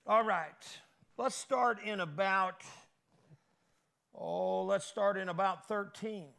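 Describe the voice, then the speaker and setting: A man preaching a sermon as pastor, folksy and lively, with call-and-response asides to the congregation and a Midwestern American accent. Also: high-pitched, slow, vocal fry.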